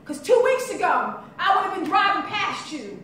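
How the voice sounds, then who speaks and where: A woman's voice: extremely high pitch, big pitch swings, normal speed, pushed and bright, far from the mic, slight background noise. Impassioned woman speaking in an echoey hall. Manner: storytelling, rising and falling intensity. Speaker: keynote speaker. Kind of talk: impassioned conference speech. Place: conference hall.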